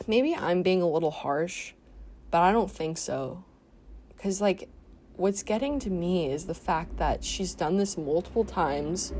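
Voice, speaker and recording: A woman's voice: fairly low pitch, a little mellow. A woman giving casual, indignant commentary full of fillers while she draws for her channel. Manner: chatty, indignant, with frequent fillers. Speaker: art YouTuber.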